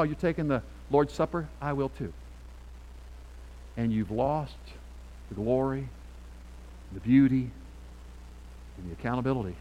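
Middle-aged pastor guy preaching, mid pitch, goes soft then loud and punchy. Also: poor audio. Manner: emphatic, swings from quiet to loud. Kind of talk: sermon.

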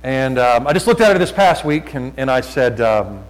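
A man preaching a sermon, telling folksy stories and talking loud, often repeating his phrases. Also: mid-range voice, sing-song, normal speed, hardly any pauses, poor audio. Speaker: pastor.

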